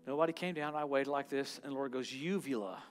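A man preaching at a church service as a guest minister. His delivery is animated and charismatic, jumping from loud exclamations to quiet, murmured prayer. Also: medium pitch, fairly quick, soft background music.

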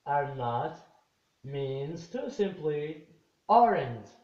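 A man's voice: fairly high pitch, expressive, normal speed, a little mellow. A man teaching an English lesson, repeating phrases patiently and switching to Arabic to translate. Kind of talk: bilingual classroom lesson. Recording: roomy, slightly dull recording.

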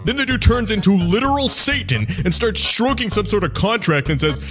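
A man's voice: high-pitched, lively intonation, fairly quick, sharp tone. A foul-mouthed, sarcastic skeleton, played by a man in a fan-dubbed comic. He rambles through long, crude rants in a slightly raised voice. Faint music sits underneath. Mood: ranting. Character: wisecracking sardonic skeleton guy, crude. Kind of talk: fan dub acting.

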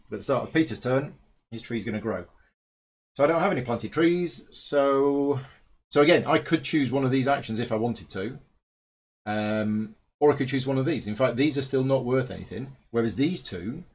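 A man's voice: medium pitch, breathy edge. A man hosting a board game playthrough, patiently explaining the rules and his own moves to the other players. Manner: patient, guiding other players through actions.

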